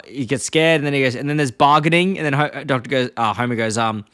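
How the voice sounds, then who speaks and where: A young man co-hosting a podcast, rambling through a plot recap and dropping into quick impressions of the characters. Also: mid-range voice, fairly bright tone, clear, resonant tone, no room sound, studio quality. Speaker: podcast co-host. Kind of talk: casual chat.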